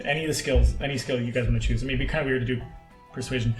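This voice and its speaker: A man's voice: medium pitch, fairly even intonation, racing, soft background music. A man running a tabletop fight as game master, explaining rules and narrating action in a loose, rambling way. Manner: loose, rambling, laughing asides. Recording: roomy echo.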